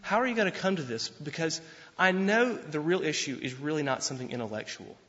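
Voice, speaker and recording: A pastor giving a sermon in an animated, conversational way, often restarting his sentences. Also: on the high side, fairly quick. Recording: dull sound with long hall reverb.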